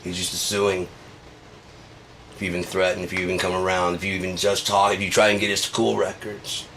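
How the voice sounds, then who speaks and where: A man's voice: deep voice, little pitch movement, fairly quick, pauses often, pushed and bright, a little hiss or hum. A man delivering a sarcastic, profane comedic rant.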